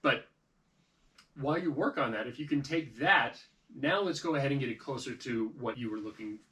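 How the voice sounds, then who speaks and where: A man teaching a trombone lesson, explaining calmly and then scat-singing phrases loudly to demonstrate, with encouraging comments. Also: mid-range voice, normal speed. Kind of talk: music lesson coaching. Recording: distant mic with trombone playing.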